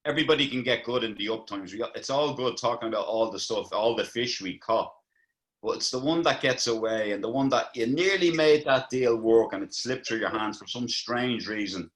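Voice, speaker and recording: An Irish man speaks up on a group video call with a bright, forceful voice. His pitch is mid-range, and he talks earnestly, reflecting on hard times in a motivational way. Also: rough recording. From Ireland. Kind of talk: casual chat.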